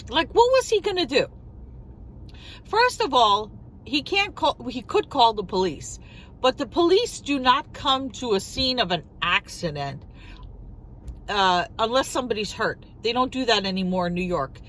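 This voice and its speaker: High, animated woman telling a story. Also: moderate pace, a little hiss or hum, low-quality recording. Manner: animated, incredulous storytelling full of rhetorical questions. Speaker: vlogger. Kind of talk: storytime while eating.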